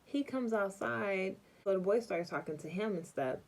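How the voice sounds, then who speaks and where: Young woman vlogger, chatty storyteller with casual slang, middle-pitched voice. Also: expressive, moderate pace, darkish tone.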